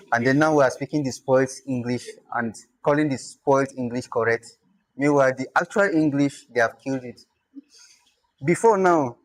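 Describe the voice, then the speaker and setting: A man teaching a language class, explaining patiently and repeating words slowly. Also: medium pitch, no echo. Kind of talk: classroom lesson.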